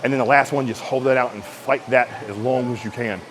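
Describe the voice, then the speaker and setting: A man coaching a shoulder exercise in a casual, energetic way, talking while he lifts and strains through the reps. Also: medium pitch, brisk, slight background noise, rough recording. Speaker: fitness coach.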